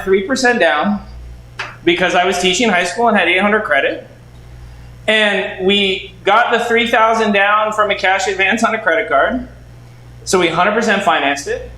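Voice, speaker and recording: A man's voice: high voice, fairly bright tone, rough recording. A middle-aged man from the United States, a real estate mentor, telling a seminar story and acting out both sides of the conversations.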